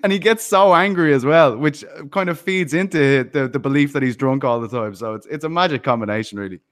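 A man co-hosting a casual podcast chat, teasing and cracking deadpan mock-tough jokes. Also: mid-range voice, brisk, dry recording, clean studio sound. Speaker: podcast co-host and interviewer.

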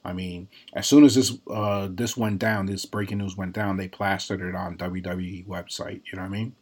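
A man's voice: sits low, steady tone, moderate pace, husky. A man hosting a casual wrestling podcast, laughing often and talking with many ums and uhs. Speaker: podcast host.

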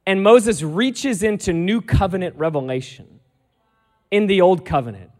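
Animated high-voiced male preacher. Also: unhurried, faint music behind. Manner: animated storytelling, acting out dialogue, emphatic. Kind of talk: sermon.

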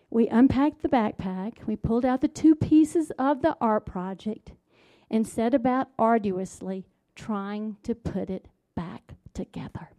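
A middle-aged woman giving a devotional talk, telling a personal story that drops to hushed tones and builds to emphatic points. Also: medium pitch, a little slow. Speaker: speaker.

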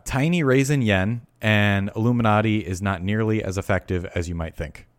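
A man co-hosting a casual podcast, trading deadpan jokes and quick one-line quips, often restarting his sentences. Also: fairly low pitch, no room sound. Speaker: podcast co-host. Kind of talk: casual chat.

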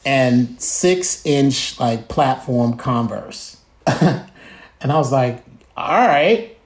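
Guy telling a story, really animated, jumps way up in pitch when he quotes people. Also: drawn-out words. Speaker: guest. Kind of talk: casual storytelling.

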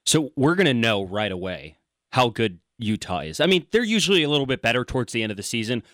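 A man co-hosting a sports talk radio show, chatting casually and in a steady way, and often chiming in to agree. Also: medium pitch, fast talker, no echo, studio quality. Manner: steady, interjects short agreements. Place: radio studio.

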